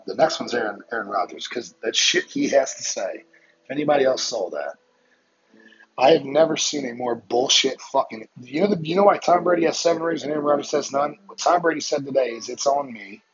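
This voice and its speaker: A man hosting a podcast, delivering a heated, profane solo rant with rapid-fire rhetorical questions. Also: mid-range voice. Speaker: podcast host. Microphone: phone. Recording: muffled lo-fi audio with crowd noise behind.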